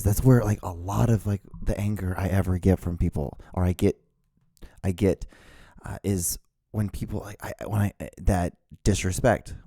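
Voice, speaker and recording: A man's voice: fairly low pitch, dark tone, dry recording, clean studio sound. A man hosting his own solo podcast, rambling and swearing, with many restarts. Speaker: podcast host.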